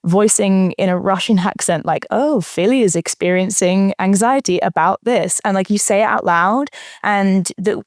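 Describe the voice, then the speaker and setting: Low-voiced woman, dry close sound. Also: dry recording. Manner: thoughtful, frequent fillers and restarts. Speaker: interview guest, marathon runner. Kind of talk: casual interview talk.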